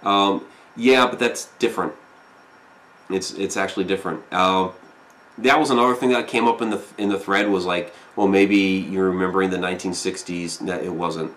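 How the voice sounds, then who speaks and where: A man's voice: sits low, fairly even intonation, moderate pace, a bit bright. A man hosting a live stream, chatting casually and reading viewer comments aloud, with a rambling manner and frequent fillers.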